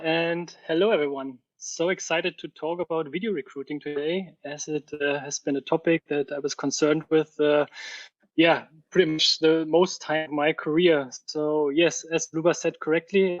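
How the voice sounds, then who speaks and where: A male guest speaks on a webinar at a slightly raised pitch, eager but a little halting. His audio is dull and sounds distant from the mic, though dry. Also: dry recording. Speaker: guest speaker, company co-founder. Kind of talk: webinar conversation.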